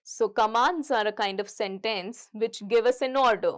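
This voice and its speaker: A woman's voice: on the high side, moderate pace. A young woman teaching a grammar lesson, explaining each point step by step and repeating it. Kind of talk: recorded English grammar lesson.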